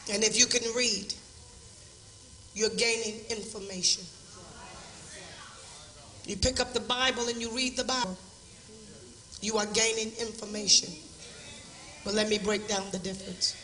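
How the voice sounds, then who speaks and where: A woman preacher delivering a revival sermon in a large church, shouting in an emphatic preaching cadence. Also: a little high. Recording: roomy echo, distant mic, faint music.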